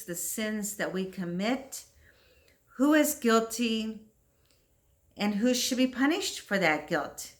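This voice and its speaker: Slow, clear woman teacher. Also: mid-range voice, fairly bright tone. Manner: slow, clear, deliberate explaining. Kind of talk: literature commentary for English learners.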